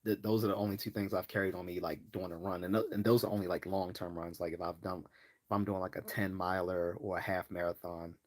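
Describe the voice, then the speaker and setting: A man's voice: low voice, steady tone, quick pace. A man from Baltimore hosting a casual livestream, reading chat comments aloud and rambling with many fillers and restarts. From Baltimore, US East Coast. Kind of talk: casual live-stream chat.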